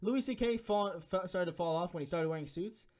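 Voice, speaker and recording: A man's voice: high-pitched, brisk, a little mellow. A young man streaming, reading donation messages and answering viewer questions in a rambling, profane, filler-heavy way. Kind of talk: casual live-stream Q&A.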